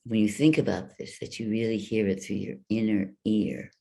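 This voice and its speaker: A woman voice coach giving a workshop talk, speaking deliberately and guiding the listeners through exercises with demonstrations. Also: extremely low pitch, steady tone, gravelly, dark tone. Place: virtual workshop from home.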